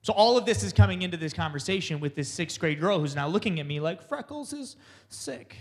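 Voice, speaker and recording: A man telling a comic personal story to an audience, animated and laughing along as he goes. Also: fairly high pitch, quick pace, long reverb tail. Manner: animated, laughs through his own story.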